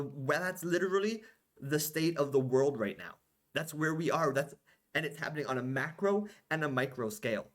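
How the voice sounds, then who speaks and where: A man's voice: medium pitch, fairly bright tone. A young adult man hosting a casual vlog, ranting in an exasperated way with lots of swearing, fillers and restarts. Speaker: vlog host.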